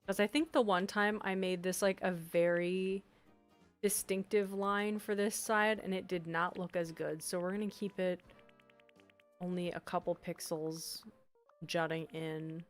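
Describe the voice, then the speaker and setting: A woman's voice: on the low side, fairly even intonation, a little slow. A woman live-streaming as she works on game designs, chatting casually with her chat, reading messages aloud and laughing often. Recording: faint background music.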